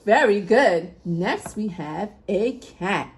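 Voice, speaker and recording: A woman's voice: mid-range voice, expressive, takes it slowly, very noisy. A woman hosting a children's video, teaching in a playful, sing-song way. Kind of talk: preschool teaching. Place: homestead.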